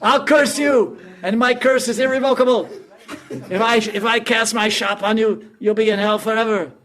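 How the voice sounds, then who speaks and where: A man voicing a greedy, comic cowherd boy who sputters and yells his protests. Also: lively intonation, brisk, natural voice. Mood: outraged yelling. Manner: shrill, yelling, sputtering protests.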